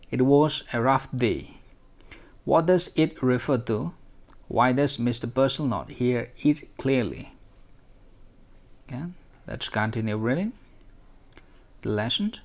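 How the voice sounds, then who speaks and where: Slow, deliberate male teacher reading aloud. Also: mid-range voice, a little mellow. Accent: Indian English. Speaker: English teacher. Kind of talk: reading a story aloud in a lesson.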